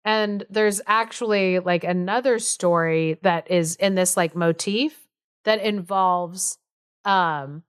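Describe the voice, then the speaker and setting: Taking it slowly, a talkative podcast co-host recounts a folk tale, often giggling and dropping casual fillers. She has a smooth, clear, mid-pitched voice, captured close and dry without any room sound.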